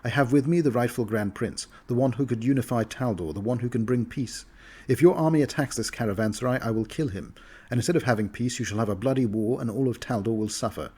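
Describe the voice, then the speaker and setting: A man's voice: medium pitch, fast talker, dark tone, breathy edge, lightly acted. A man voicing a taunting noblewoman villain. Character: scheming woman noble holding a captive prince.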